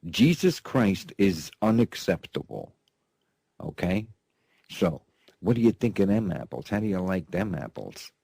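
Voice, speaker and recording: A man's voice: low-pitched, very animated, unhurried, vocal fry, warm tone, breathy edge, dry recording. A man hosting a sarcastic news commentary show, rambling and mocking, often repeating himself. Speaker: host.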